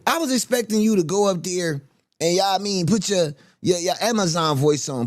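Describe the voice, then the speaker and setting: A man's voice: high-pitched, normal speed, no echo. A man hosting a stream, reacting to music clips in blunt, profane, mocking casual commentary. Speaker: host reacting to music videos.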